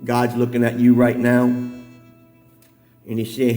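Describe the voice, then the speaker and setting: A middle-aged man preaching a sermon, moving from calm talk to shouted, near-sung preaching. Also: mid-range voice, takes it slowly, long pauses. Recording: long hall reverb, faint music behind.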